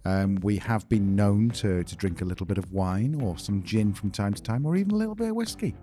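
A man with a very low voice co-hosts a relaxed podcast. He drops dry, joking asides. Soft music plays faintly behind him. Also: fairly quick. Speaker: podcast co-host. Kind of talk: casual chat.

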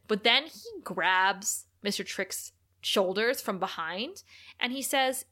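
A woman's voice: medium pitch, slow. A woman co-hosting a podcast, recapping an episode in casual chat, often laughing and acting out the characters' lines. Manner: animated, laughs often, acts out quotes. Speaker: podcast co-host.

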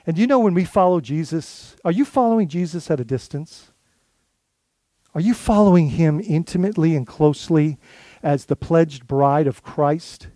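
A man's voice: on the high side, moderate pace, dark tone, no room sound. A male lead pastor preaching a sermon in a conversational way, full of rhetorical questions and restarts.

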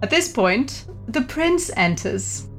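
A woman's voice: high voice, sing-song, fairly bright tone, faint music behind. Woman narrating a tabletop game. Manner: descriptive, unhurried, laughs between lines. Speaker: game master.

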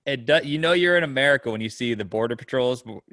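A man telling a story in loose, casual conversation, full of fillers and asides. His voice is mid-pitched and plain, and it sounds dry and close with no room echo. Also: expressive, fast, a bit bright. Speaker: storyteller guest. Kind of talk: casual chat.

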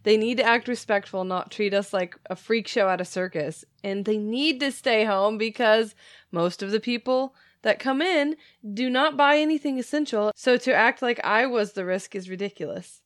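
A woman with a fairly high voice chats casually as a co-host, swearing freely and joking. Her voice is recorded close and dry, with no room sound. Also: moderate pace, no echo. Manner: profane, joking, bursts into laughter. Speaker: podcast co-host. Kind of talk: casual chat.

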